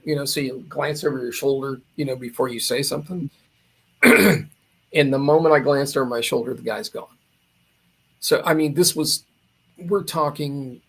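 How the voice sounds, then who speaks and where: A gravelly, husky-voiced man in his fifties, from Indiana, recounting a tale as a guest. He talks in a loose, rambling way, full of fillers and restarts. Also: mid-range voice. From Indiana, USA. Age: 50s. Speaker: guest, drummer. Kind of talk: casual storytelling.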